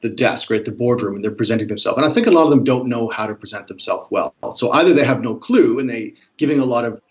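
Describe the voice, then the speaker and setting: Fast-talking man explaining body language. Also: mid-range voice, lo-fi sound. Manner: fast, animated, demonstrates tones of voice. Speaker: body language expert guest. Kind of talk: explanatory interview talk.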